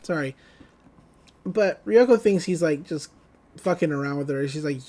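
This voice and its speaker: A man's voice: a little high, lively intonation, moderate pace, long pauses, dark tone. A man co-hosting a podcast, casually retelling an anime episode and paraphrasing the characters' lines. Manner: retells scenes, quoting characters in loose paraphrase. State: just woke up. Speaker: podcast co-host. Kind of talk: casual anime recap chat.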